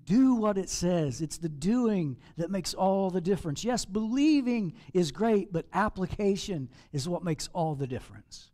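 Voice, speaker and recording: Man pastor, higher voice, lively playful sermon, acted asides. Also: normal speed, few pauses. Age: over 40.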